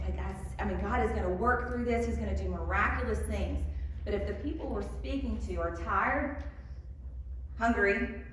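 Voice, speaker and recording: A woman's voice: medium pitch, moderate pace, noisy background. A woman giving a candid faith talk to a live group, self-deprecating, with frequent ums and small laughs. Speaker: speaker at a church evening talk. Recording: echoey hall from a distance.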